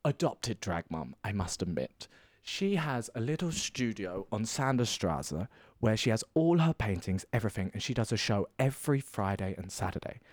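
A man's voice: fairly low pitch, big pitch swings, normal speed, dry recording. A man who performs as a drag queen, talking in a rambling, campy, theatrical way and calling people darling. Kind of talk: casual interview chat. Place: indoors, seated.

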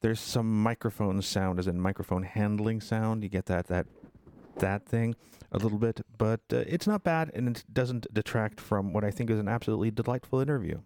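A man hosting a podcast, introducing an interview in a relaxed way with small ums. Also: lowish voice, fairly quick, no echo. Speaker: podcast host introducing the episode. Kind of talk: casual spoken introduction.

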